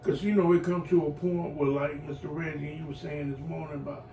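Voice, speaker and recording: A middle-aged man giving heartfelt personal testimony as a client in a recovery program, earthy and animated, acting out voices as he tells his story. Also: fairly high pitch, a little fast. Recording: echoey room, voice from far off, faint noise.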